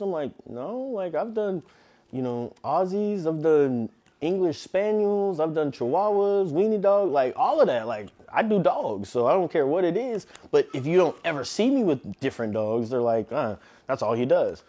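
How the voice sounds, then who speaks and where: A man who trains dogs, talking casually in an interview and telling animated stories in which he acts out what other people said. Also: a little high, moderate pace. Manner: animated storyteller, acts out quoted voices. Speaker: dog trainer, guest.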